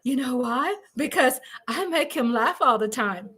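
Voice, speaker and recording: A woman's voice: high voice, lively intonation, unhurried, bright, forceful tone, slightly rough. A woman hosting a casual live stream from home, chatty and playful, reading out viewer comments.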